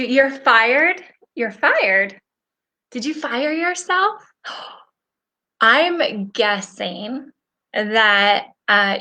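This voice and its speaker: A woman's voice: mid-range voice, pushed and bright. A woman in her forties, a nail technician hosting a casual livestream, chatting in a rambling, upbeat, motivational way while reading viewer comments. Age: 40s.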